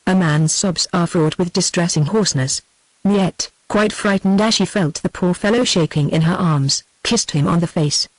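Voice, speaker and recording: A synthetic woman's voice with a British accent reading a novel aloud at a steady, even pace. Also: lowish voice, no room sound, low-quality recording. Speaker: audiobook narrator. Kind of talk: text-to-speech novel reading.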